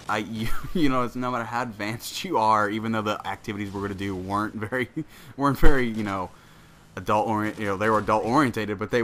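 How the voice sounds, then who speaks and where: A young man in his twenties hosting a show, talking in a loose, rambling way at an ordinary pitch. He swears freely and laughs through his story, and faint noise sits behind him. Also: a bit bright. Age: 20s. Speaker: show host. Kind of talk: casual storytelling monologue.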